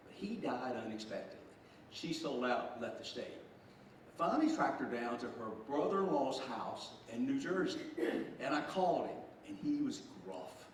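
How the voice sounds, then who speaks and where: A man's voice: mid-range voice, big pitch swings, moderate pace, slight background noise. A man in his sixties with a Southern US accent, giving a speech to a group as a state official. He tells stories in a folksy, joking way. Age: 60s. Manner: folksy storyteller, joking, chuckling. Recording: echoey room from far off.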